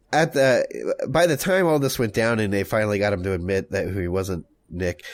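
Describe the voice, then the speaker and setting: A man with a fairly low voice tells a true story on a casual comedy podcast. He rambles, trails off and restarts, and jumps into quick silly voices for the people in the story. The delivery is loose and joking. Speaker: podcast co-host telling the story.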